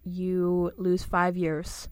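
A woman's voice: monotone, very slow, clean tone, dry recording, clean studio sound. A young woman co-hosting a casual podcast, playful and swearing, quizzing her friend. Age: young adult. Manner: playful, swears, bursts into high sing-song cheers. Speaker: podcast co-host. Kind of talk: casual chat, trivia quiz.

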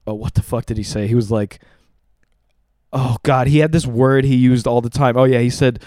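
A young adult man hosts a loose comedy podcast, swearing freely and acting out other people's lines as he tells a story. His voice is smooth and clear, and the mic is close and dry. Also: medium pitch, steady tone, a little fast, darkish tone, no room sound. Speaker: podcast host. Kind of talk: casual comedic chat.

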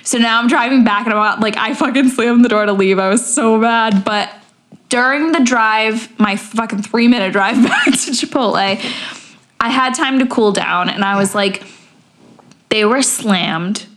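A woman co-hosting a podcast, telling a story in a lively, profane, casual way. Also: fairly high pitch, normal speed. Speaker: podcast co-host.

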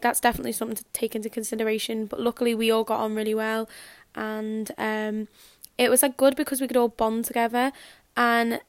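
This young podcast host speaks in a fairly high voice with a Scouse accent from around Liverpool, rambling through a chatty conversation packed with fillers. Her throat seems dry, and the audio has no echo.

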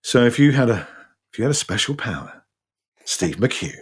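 Husky interviewer, matey and rambling. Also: male voice, medium pitch, sing-song, normal speed. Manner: matey, rambling questions with restarts. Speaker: interviewer host. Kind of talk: casual interview chat.

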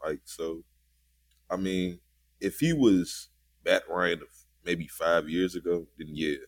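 A man's voice: deep voice, slow pace, no echo. A man on a casual podcast giving blunt, argumentative sports opinions. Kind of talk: casual chat.

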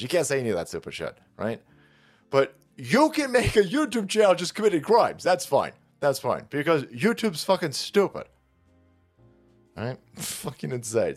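Man ranting with lively, swinging pitch. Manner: mocking, sarcastic, swears constantly. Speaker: reaction video host. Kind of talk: profane comedic rant.

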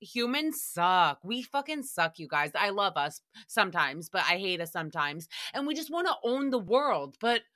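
Sassy, bright-voiced woman podcaster. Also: mid-range voice, very animated, normal speed, hardly any pauses. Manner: sassy, chatty, swears freely, acts out quotes with mocking voices. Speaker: podcast host recapping another show. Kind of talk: casual solo podcast commentary.

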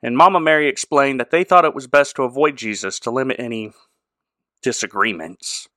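A man's voice: medium pitch, a little fast, pushed and bright, no room sound, clean studio sound. A man co-hosting a podcast, recapping a show in casual chat and joking around. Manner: jokey, acts out characters in exaggerated voices. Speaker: podcast co-host.

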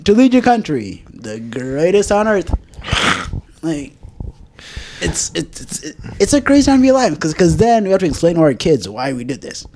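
Man, podcast host, high voice, swooping pitch, profane ranting. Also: moderate pace, slight background noise. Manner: profane, animated ranting with laughs. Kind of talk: casual political chat.

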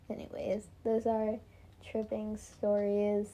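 A teenage girl co-hosting a casual chat podcast, playful and giggly, talking in quick bursts. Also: medium pitch, mellow. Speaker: podcast co-host.

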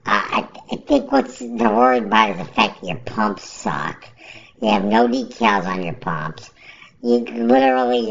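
A woman's voice: a bass voice, vocal fry, husky. A woman in a casual rant to camera, rambling and repeating herself as she complains with indignation. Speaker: vlogger. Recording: dull lo-fi recording.

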